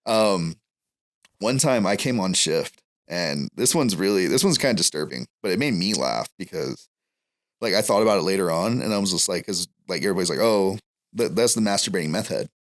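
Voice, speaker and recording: A man's voice: low voice, expressive, brisk. Rambling, laughing male storyteller. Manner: rambling, laughs through his stories. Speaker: podcast guest. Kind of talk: casual storytelling chat.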